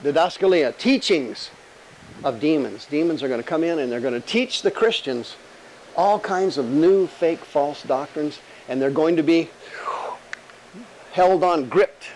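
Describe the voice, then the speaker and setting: A man preaching a conversational Bible-teaching sermon, firing rhetorical questions and slowing down to stress key words. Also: on the high side, animated, a little mellow, slight background noise, low-quality recording.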